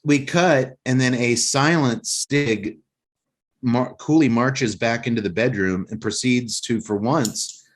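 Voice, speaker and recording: A man's voice: mid-range voice, slow. A man with an ordinary mid-range voice retells a film's plot for his co-hosts, cracking jokes as he goes. He speaks into a podcast mic in a loose, chatty way. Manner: joking storyteller, recapping a film plot. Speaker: podcast co-host. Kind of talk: casual chat and movie recap.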